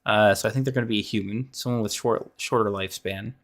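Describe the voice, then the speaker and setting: Musing man thinking aloud, halting. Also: fairly low pitch, steady tone. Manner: musing, halting, trailing off into mumbles. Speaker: dungeon master streamer. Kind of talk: thinking aloud while planning a game.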